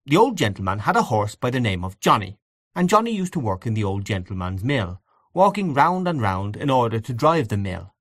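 A man narrating classic fiction in a measured, expressive audiobook reading. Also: mid-range voice, no room sound, studio quality.

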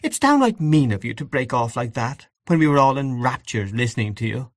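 A man reading aloud, voicing an eager, teasing young woman with high, excited exclamations. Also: a little fast, no echo, clean studio sound. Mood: pleading.

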